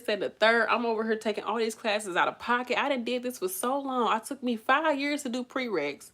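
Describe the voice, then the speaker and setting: A woman vlogging casually to her viewers as a nursing student, venting in an animated way and calling them y'all. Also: fairly high pitch. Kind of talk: casual chat to camera.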